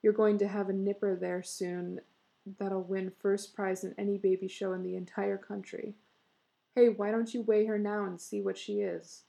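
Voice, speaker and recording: A woman reading the part of a pushy, excitable bearded husband, talking in a boisterous, insistent way. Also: mid-range voice, normal speed, gravelly, lightly acted. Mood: excited.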